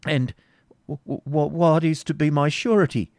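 A man's voice: a little high, fairly even intonation, a little slow, a little mellow, dry recording, studio quality, voice pushed up. Man voicing a stammering, timid old moneylender. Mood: pleading. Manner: stammering, pleading.

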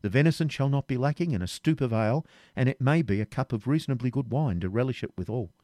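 A man's voice: mid-range voice, expressive, quick pace, darkish tone, no echo, clean studio sound, close to an everyday voice. A man reading aloud, voicing a proud, gallant outlaw leader with courteous speech. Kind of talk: audiobook reading.

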